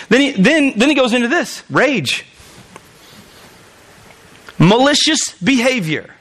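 A pastor with a strikingly high voice preaches in his church. He jokes with the congregation, then leans hard into his points with emphatic repetition. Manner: animated, joking, emphatic preaching. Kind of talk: sermon.

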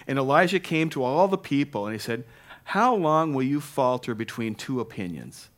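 A man's voice: mid-range voice, animated, normal speed, a bit bright. A man preaching a sermon, telling the story with playful asides and acted-out quotes. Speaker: pastor.

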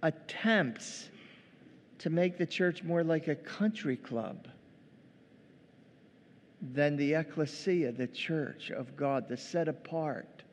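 High-voiced man preaching in a reverberant church. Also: slow pace, pauses often, a little hiss or hum. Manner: animated preaching, acting out quoted voices. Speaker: pastor. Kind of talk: sermon.

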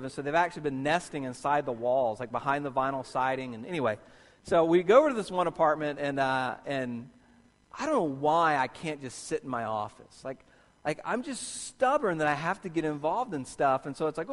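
A man's voice: a little high, fairly quick. A man preaching a sermon, telling a personal story animatedly and acting out his own reactions. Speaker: pastor. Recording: long reverb of a hall.

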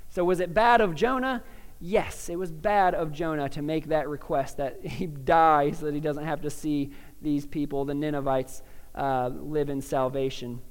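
Conversational preacher, man, high clear voice, long hall echo, chatty sermon with restarts. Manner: conversational, animated, stammering restarts, laughs at his own jokes. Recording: long reverb of a large hall.

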